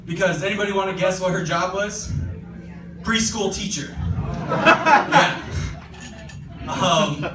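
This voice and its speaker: High-voiced young man doing stand-up. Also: expressive, slow pace, long pauses, roomy sound, far from the mic, heavy background noise. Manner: casual, profane, self-deprecating, hesitant with fillers. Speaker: stand-up comedian. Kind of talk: stand-up comedy set. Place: comedy club stage with audience laughter.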